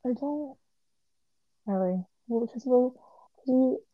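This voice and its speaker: A woman's voice: high voice, slow, dry recording, lo-fi sound. A young woman co-hosting a casual podcast chat, rambling with lots of "like". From Las Vegas area. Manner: rambling, heavy use of "like". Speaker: podcast co-host.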